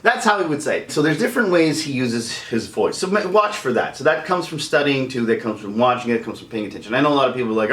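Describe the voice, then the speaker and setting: A man's voice: mid-range voice, animated, quick pace, fairly bright tone, roomy sound. A man teaching voice impressions in a casual, chatty video tutorial, laughing often as he talks.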